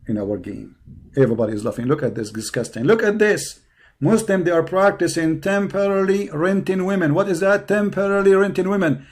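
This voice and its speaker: Hoarse, taunting man. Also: high-pitched, a little mellow. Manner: taunting, confrontational, repetitive insults. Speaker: online debate show host. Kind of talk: heated polemical monologue. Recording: live stream over a poor connection.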